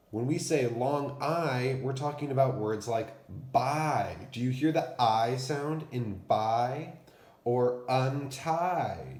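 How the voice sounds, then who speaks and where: A male first-grade teacher leads a phonics lesson and a read-aloud, pronouncing every word clearly for young children. His voice sits at an ordinary middle pitch and he speaks slowly. It rings in a roomy, echoing space. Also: darkish tone. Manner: clear, deliberate enunciation for children.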